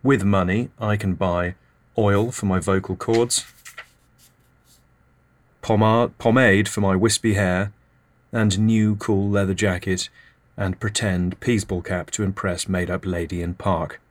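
A man hosting a podcast, delivering a deadpan, absurd comic monologue. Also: deep voice, measured pace. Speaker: podcast host.

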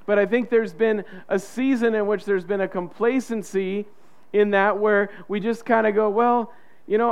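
A man's voice: high-pitched, smooth, highs cut off. A man preaching a sermon as pastor, in a conversational way, acting out the inner voices of the people he describes.

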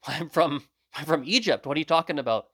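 A man's voice: a little high, fairly quick, sharp tone, slightly rough. A man doing an exasperated insistent emigrant. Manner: insistent, emphatic.

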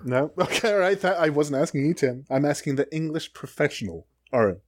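A man's voice: a little high, animated, a little fast. A man co-hosting a podcast in casual chat, joking and self-mocking, often stopping and restarting mid-sentence. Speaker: podcast co-host.

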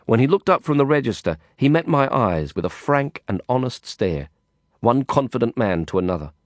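A man narrating an audiobook in a measured storytelling manner. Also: medium pitch, very animated, dry recording, studio quality.

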